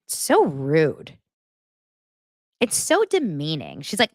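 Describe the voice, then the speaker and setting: A woman's voice: deep voice, slow pace, dry recording, clean studio sound. A woman hosting a chatty reality TV gossip recap, talking straight to her viewers. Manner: animated, chatty, addresses viewers directly. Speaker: host.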